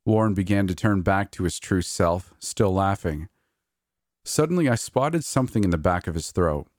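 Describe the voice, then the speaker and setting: A man reading a horror audiobook in a steady, measured way. His voice is very low, and the recording is dry and close, with no room echo. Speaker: narrator.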